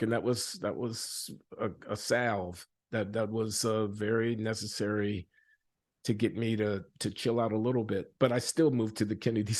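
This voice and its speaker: An older man speaking as an interviewee in a reflective conversation, pausing and restarting often and growing animated when he tells a story. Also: medium pitch. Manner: halting, with many restarts and fillers, animated when retelling stories. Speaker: interviewed economist.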